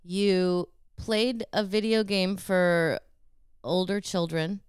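Woman, podcast co-host, dry and teasing, lowish very clear voice. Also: fairly even intonation, takes it slowly, no echo. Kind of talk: bickering comedic chat with her husband.

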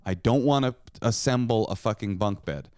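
A man's voice: on the low side, normal speed, a little mellow, no room sound, clean studio sound. A man co-hosting a podcast, bickering with his wife in a sarcastic, mock-indignant comedic chat. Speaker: podcast co-host.

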